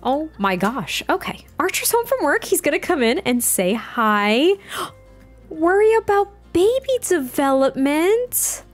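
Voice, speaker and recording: A woman's voice: high-pitched, sing-song, takes it slowly. A young adult woman casually narrating a life-sim game in a chatty, exclaiming way. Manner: chatty, exclaiming, self-correcting. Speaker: let's play host. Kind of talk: casual gameplay commentary. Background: faint background music.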